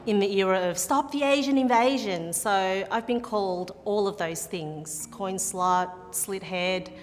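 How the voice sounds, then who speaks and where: A woman's voice: mid-range voice, measured pace, hardly any pauses, soft background music. Frank woman speaking in a hall. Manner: frank and reflective. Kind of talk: candid interview.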